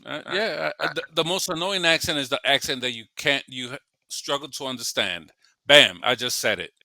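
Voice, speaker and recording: Male co-host, brash banter, very bright and forceful voice, dry close mic. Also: mid-range voice, fairly quick, vocal fry, no echo. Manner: brash, hesitant starts. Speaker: podcast co-host. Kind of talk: casual podcast banter.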